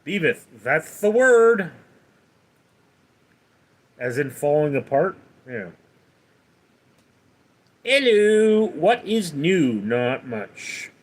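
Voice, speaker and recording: A man's voice: on the high side, very animated, slow pace, long pauses, husky. A man hosting a casual livestream who reads viewers' chat questions aloud and answers them. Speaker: livestream host.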